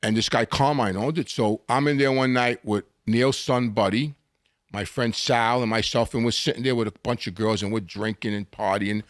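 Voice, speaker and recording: An older man spins his stories in a lively, animated way, jumping in pitch when he acts out what people said. His voice is close and dry, with no room sound around it. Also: normal speed, no room sound. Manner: animated storyteller acting out quotes, frequent restarts. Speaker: guest. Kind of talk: storytelling interview.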